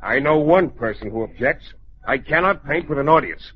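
A man's voice: fairly high pitch, expressive, moderate pace, husky, no echo. An actor playing a vain, eccentric male painter with a grand, theatrical, mocking manner, in 1940s radio sitcom style. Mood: dismissive. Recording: dull lo-fi old radio recording.

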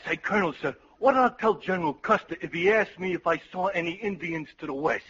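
Man playing a dopey young army private, high voice, bright tone, stammering, dull old radio sound. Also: brisk, slight background noise. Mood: nervous. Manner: nervous, stammering, easily excited. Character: dim-witted young male army private, eager and giggly. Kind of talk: 1950s radio comedy acting.

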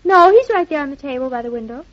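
An actress playing an excitable, sweet young wife with a girlish, gushing manner, in 1940s radio acting on a dull old radio recording. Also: high-pitched, quick pace.

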